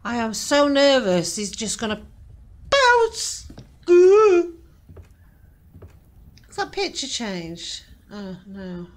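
A woman's voice: on the high side, sing-song, slow pace, a bit bright. Jumpy woman gaming. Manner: jumpy, nervous, swears and laughs at frights. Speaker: gaming channel host. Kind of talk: horror game let's play commentary.

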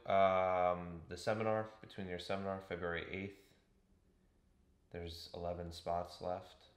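A man's voice: sits low, level tone, a little slow, reverberant. A man co-hosting a podcast, chatting loosely about coaching with lots of fillers. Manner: loose and rambling, with frequent fillers. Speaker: podcast co-host. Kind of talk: casual chat.

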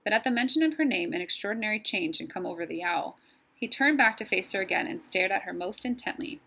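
Teacher reading aloud: woman, steady pace, husky and gravelly. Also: medium pitch, fast. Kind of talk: reading a novel chapter aloud.

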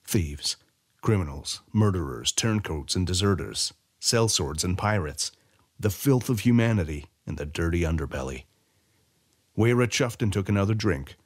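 A man reading a fantasy short story aloud as an audiobook narrator. His voice is on the low side but lively, rising and falling with the story. An expressive, scripted storytelling read. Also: moderate pace.

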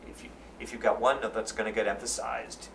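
A man gives a conference lecture, energetic and fond of repeating his key phrases. He sounds distant from the mic in a roomy space. A faint room hum sits under his voice. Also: on the low side, fairly quick, vocal fry. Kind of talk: live lecture. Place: conference hall.

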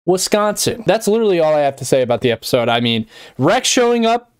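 A young man hosting a reaction video, excitable and emotional, swearing often. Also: a little high, quick pace, clear, resonant tone, no room sound. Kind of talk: reaction commentary.

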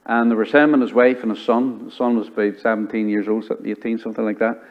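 A pastor preaching a sermon, telling stories and acting out the dialogue in them. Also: male voice, fairly low pitch, level tone, fast, highs cut off. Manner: storytelling preacher who acts out dialogue. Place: church.

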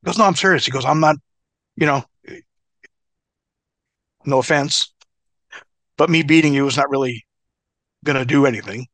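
This middle-aged former wrestler speaks at a moderate pace with medium pitch, pausing often, recorded with no room sound. Casually interviewed, he tells stories animatedly, cursing frequently and laughing between bits.

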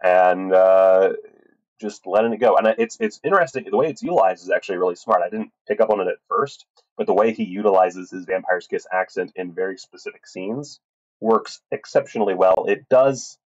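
A man's voice: deep voice, fairly quick. A man hosting a casual solo film podcast, rambling with many fillers and restarts and swearing freely. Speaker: podcast host reviewing films. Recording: tinny wrong-mic recording.

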